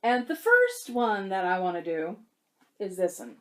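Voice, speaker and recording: A young woman vlogging about cross-stitch, telling a story in a chatty, animated way and getting emotional. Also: mid-range voice, a little slow. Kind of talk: casual chat to camera.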